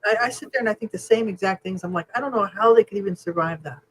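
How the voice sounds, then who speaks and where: A woman's voice: mid-range voice, fast talker, breathy edge, rough recording. Chatty woman podcast host. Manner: emotional, animated storytelling with quoted voices. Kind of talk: casual chat.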